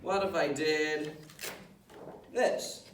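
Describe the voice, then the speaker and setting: A man's voice: on the high side, extremely slow, echoey room, recorded from a distance, a little hiss or hum. A male music teacher leading an elementary class through rhythms, patient and step by step, chanting the rhythm syllables in time.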